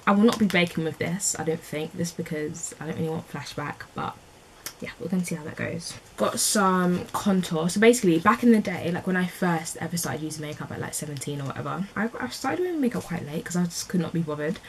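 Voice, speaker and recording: Young london girl rambling about makeup, lowish voice, bit of hiss behind. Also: expressive, fairly quick, low-quality recording. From England. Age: 20s. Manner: chatty, rambling, with slangy asides. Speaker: beauty vlogger. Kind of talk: casual chat.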